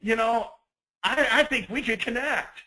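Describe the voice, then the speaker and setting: A man doing a pushy, creepy gym guy in a high, bright voice, way too keen. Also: unhurried, full character voice, low-quality recording. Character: overeager pushy man hitting on a woman at the gym.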